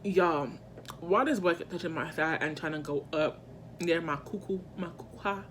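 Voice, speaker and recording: A woman vlogger telling a personal story in casual storytime style, animated and slangy, with emphatic asides to her viewers. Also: fairly low pitch, moderate pace, a little hiss or hum.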